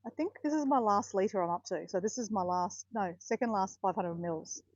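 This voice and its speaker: A vlogger in her fifties chats while walking outdoors in botanical gardens, rambling and correcting herself. She speaks at normal speed in a mid-range voice, and the recording is muffled.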